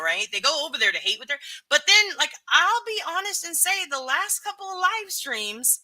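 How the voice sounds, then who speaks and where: A woman's voice: sits high, sing-song, normal speed, few pauses, sharp tone, dry recording. A woman hosting a live stream, reading chat and giving her candid, emphatic opinions with casual swearing.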